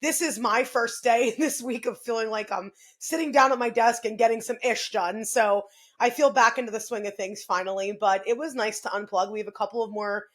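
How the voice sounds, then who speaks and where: A woman's voice: fairly high pitch, fairly even intonation, brisk. A woman in her thirties co-hosting a podcast, chatting in an upbeat way and laughing often. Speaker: podcast co-host. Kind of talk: casual podcast chat.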